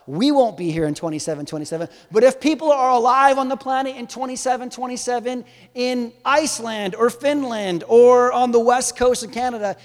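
A man preaching a sermon to a live congregation, animated and swinging from soft to loud, teasing and quizzing his listeners. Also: extremely high pitch, a little fast, few pauses. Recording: long hall reverb.

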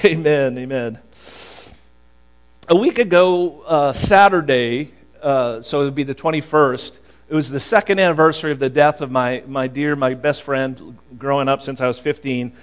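A man in his sixties from Boston, preaching a conversational sermon and telling a personal story with many halting restarts. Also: mid-range voice, clear, resonant tone. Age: 60s. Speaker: pastor.

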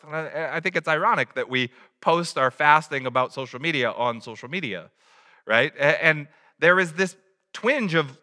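A man's voice: fairly high pitch, expressive, normal speed, pushed and bright, big-room sound. A man preaching a sermon in a conversational way, a father who acts out little quotes. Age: adult, has a child. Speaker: pastor.

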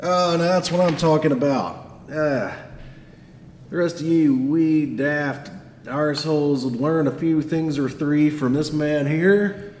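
A man voicing a gruff, bossy middle-aged male dwarf with a put-on Scottish accent, talking loudly and swearing. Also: on the high side, measured pace, in a large hall, slight background noise, pitched above the performer's own voice, close to an everyday voice. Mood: blustering. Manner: loud, blustering, swearing.

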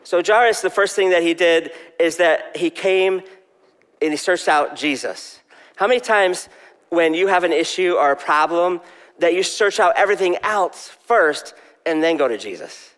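A man's voice: a little high, expressive, moderate pace, a bit bright, clear, resonant tone, long reverb tail. A male pastor preaching a sermon in a conversational way, asking the congregation questions.

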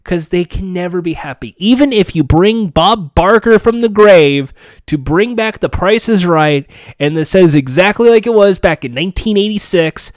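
A man's voice: high voice, expressive, normal speed, no room sound. A man hosting a podcast in casual chat, candid and sarcastic, swearing freely. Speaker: podcast host.

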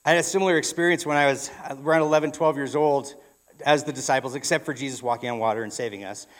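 A man's voice: medium pitch, steady tone, fast. A man preaching a sermon in a church, telling a story in a conversational way with frequent restarts. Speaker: pastor.

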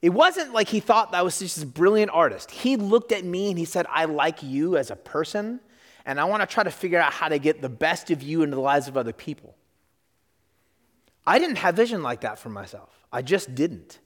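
The long reverb of a big hall surrounds a middle-aged man's sermon at church, where he animatedly tells a story and acts out the people he quotes. His voice is a little high and a little fast.

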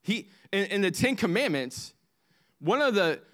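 A man preaching a sermon as pastor, swinging from impassioned highs to hushed lows. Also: big pitch swings, unhurried.

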